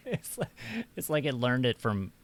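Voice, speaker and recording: A man's voice: mid-range voice, big pitch swings, takes it slowly, fairly bright tone. An American man hosting a casual chat, rambling and laughing often. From United States. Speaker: host.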